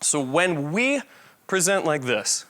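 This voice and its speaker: A man giving a casual, animated lecture on body language and presenting, talking conversationally and demonstrating different energy levels. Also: on the high side, slow pace.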